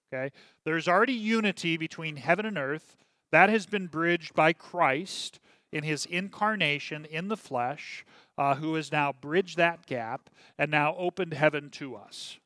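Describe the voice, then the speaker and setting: A man's voice: on the high side, bright, forceful tone, dry recording, clean studio sound. A man, a pastor, teaching a church class in a conversational way, often checking in with "okay?" and reading passages aloud. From Minnesota. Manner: many fillers and restarts, reads passages aloud.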